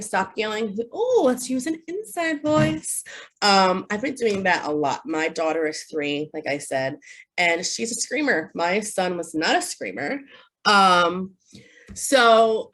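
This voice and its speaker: Woman in her 30s explaining stuff to parents, super chatty, lots of um and right, pitch all over the place. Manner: animated, acting out upbeat phrases for kids. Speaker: behavior analyst presenting a parent workshop. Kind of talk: casual online parent training talk.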